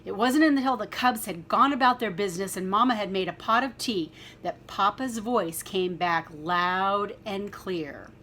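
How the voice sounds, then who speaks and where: A woman reading a children's picture book aloud, with gentle, chatty asides to young listeners. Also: mid-range voice, a little slow, few pauses, slight background noise.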